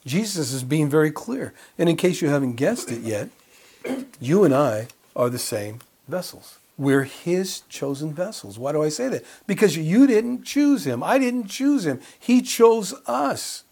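Husky-voiced man preaching a Bible study. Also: fairly high pitch, big pitch swings, unhurried, darkish tone. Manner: conversational, chuckling, asks the listeners questions.

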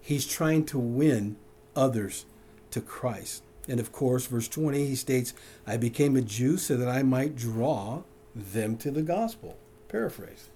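A man's voice: mid-range voice, animated, measured pace, warm tone, slight background noise. A man preaching a sermon to a congregation, asking questions of the room and chuckling at his own points. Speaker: pastor.

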